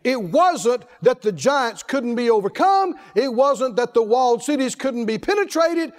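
Man preaching, high voice swinging all over, folksy and lively, echo from the hall. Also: unhurried. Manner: animated, rhetorical questions to the congregation; folksy, laughs between points. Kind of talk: sermon. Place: church. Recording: echoey hall reverb.

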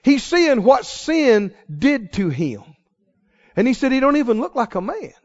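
A male preacher delivers a sermon with a high, sweeping voice that leaps up in excitement and drops to a hush. He keeps putting questions to his congregation. The recording sounds dull and lo-fi. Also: measured pace. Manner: dramatic, swings from loud exclaims to hushed low lines.

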